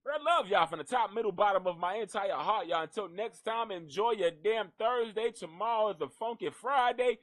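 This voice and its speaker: Bright-voiced profane live-stream host. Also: male voice, high-pitched, fairly quick, few pauses. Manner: profane, rambling, jokey, talks to an unseen donkey. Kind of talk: casual live-stream sign-off rant.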